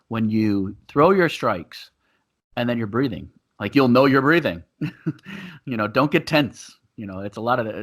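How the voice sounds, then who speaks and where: A man's voice: fairly low pitch, a bit bright. A man co-hosting a podcast and coaching Muay Thai, talking in a rambling casual way and laughing often. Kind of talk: casual chat. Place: living in Thailand.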